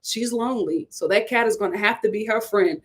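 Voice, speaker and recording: Speaking a little fast in a mid-range voice, a woman reviews a TV episode live in a casual, opinionated way. She's chatty, laughs frequently, and performs what people said in character voices.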